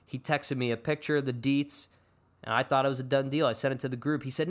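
A man's voice: mid-range voice, fairly even intonation, fast. A man chats loosely on a podcast, rambling between topics. He pokes fun at himself and throws in jokes. The tone stays casual and offhand. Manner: rambling, self-deprecating, joking. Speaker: podcast host. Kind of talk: casual fantasy sports podcast chat.

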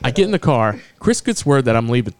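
A man casually telling a rowdy story in a podcast chat, profane and animated, acting out the other people's lines. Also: mid-range voice, fast talker. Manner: profane, animated retelling of a drunk night.

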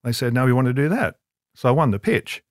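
A man's voice: medium pitch, sing-song, fast talker, dry recording, studio quality. An older man, an advertising creative, telling a rambling, self-deprecating anecdote in an interview with many restarts. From Australia.

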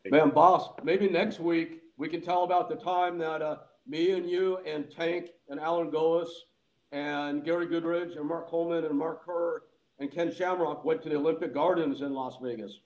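A man tells a story in relaxed chat, his voice sitting higher than most men's. He laughs easily and jumps into the voices of the people he quotes. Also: normal speed, highs cut off. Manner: animated, laughs often, acts out quoted lines. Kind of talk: casual storytelling.

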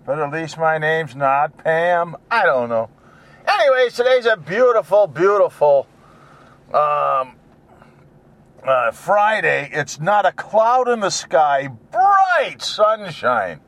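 A man's voice: fairly high pitch, very animated, slow pace, a bit bright. Goofy man singing to himself. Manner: goofy, sings made-up song lines, talks to himself. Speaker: vlogger. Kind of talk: rambling solo vlog while driving. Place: inside a car.

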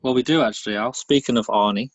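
A man co-hosting a comedy podcast, telling jokes in a deadpan way. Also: mid-range voice, quick pace, no room sound, lo-fi sound. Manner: deadpan comic delivery. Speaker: podcast co-host. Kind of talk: jokey banter.

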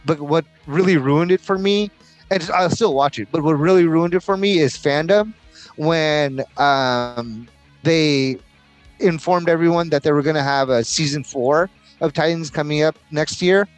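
A man with a fairly high voice chats on a casual podcast, cursing freely and rambling through his stories. He slips into quick mock voices to make a point, and faint music plays underneath. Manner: profane, rambling, animated storytelling with mock voices. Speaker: podcast co-host.

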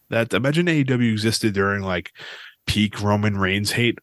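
A man's voice: fairly low pitch, fairly quick, fairly bright tone, dry recording, studio quality. A man hosting his own podcast, ranting casually with lots of swearing. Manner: profane, ranting, restless. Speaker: podcast host.

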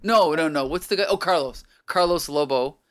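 Man, podcast host, rambling comic recap, smooth resonant voice, fillers. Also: a little high, normal speed, a bit bright. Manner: rambling, many fillers, chuckles often. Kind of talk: casual comic book recap chat.

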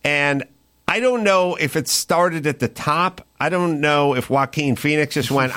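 A man's voice: on the high side, lively intonation, normal speed, bright, forceful tone. A man hosting a podcast, chatting casually in a rambling, wry way. He leans hard on his punchlines and tells his stories with plenty of emphasis. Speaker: podcast host. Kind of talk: casual chat.

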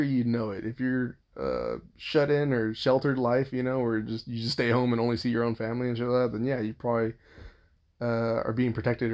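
Gravelly, profane man telling a story. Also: medium pitch, darkish tone. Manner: rambling and profane, heavy swearing and restarts. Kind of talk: casual storytelling monologue.

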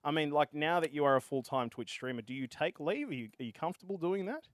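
An Australian man hosting a casual gaming podcast, out of breath and energetic. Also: fairly high pitch, quick pace, dry recording, clean studio sound. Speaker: podcast host.

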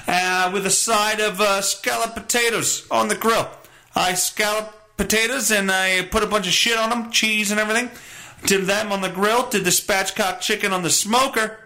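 A man's voice: sits high, fairly even intonation, moderate pace, sharp tone. A young man hosting his own podcast, rambling casually in a profane, self-mocking way. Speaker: podcast host. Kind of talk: casual solo podcast monologue.

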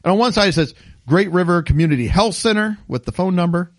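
A man with a high-sitting voice chats casually on a podcast at a quick pace, in a recording with no room sound. He's an animated storyteller who laughs and acts out voices as he tells his stories.

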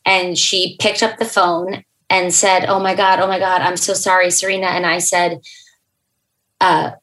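A young adult woman, a podcast guest, telling an emotional personal story in an earnest, halting way, with fillers and restarts. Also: fairly low pitch, little pitch movement, a bit bright, rough recording.

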